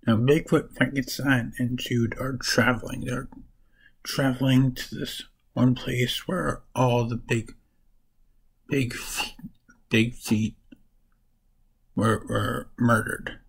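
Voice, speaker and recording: A man's voice: mid-range voice, fairly even intonation, slow, vocal fry, long pauses, slightly rough, rough recording. A man casually summarizing comic books for his vlog, rambling and correcting himself as he goes. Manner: rambling, restarts and corrects names while summarizing. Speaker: comic book reviewer.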